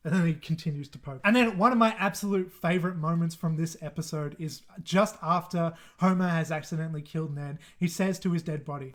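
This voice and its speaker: High-voiced man, excited solo commentary. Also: a little fast, hardly any pauses. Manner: enthusiastic, laughs often, frequent restarts. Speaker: video host ranking episodes.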